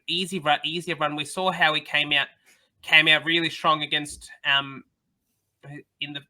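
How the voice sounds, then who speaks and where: Man, co-host, fairly high voice, very bright and sharp, thinks aloud. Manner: thinks aloud, measured opinions. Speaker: podcast co-host and analyst. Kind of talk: casual podcast chat.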